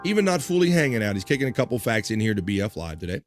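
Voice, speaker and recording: A man's voice: on the low side, very animated, racing, faint music behind. A man hosting a casual livestream, joking around and reading viewer comments aloud. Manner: upbeat, jokey, reads chat messages aloud. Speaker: livestream host.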